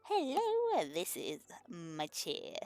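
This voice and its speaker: A woman's voice: on the high side, huge pitch swings, slow, darkish tone, no room sound, soft background music, pitched above the performer's own voice, exaggerated voice. A woman voicing her grumpy, possessive male house cat, who talks in a bossy, indignant way. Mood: haughty.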